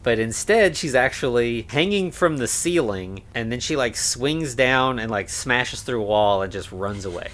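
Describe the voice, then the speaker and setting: A man co-hosting a podcast, casually recapping a film with lots of fillers and quick acted-out lines. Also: mid-range voice, animated, a bit bright. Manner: laid-back, many fillers, acts out lines. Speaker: podcast co-host. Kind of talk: casual movie recap chat.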